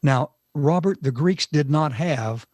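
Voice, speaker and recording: Slow, emphatic male Bible teacher. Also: a little high, dry recording. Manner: slow, emphatic, with dramatic pauses and shifts in loudness. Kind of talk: Bible teaching on a talk show.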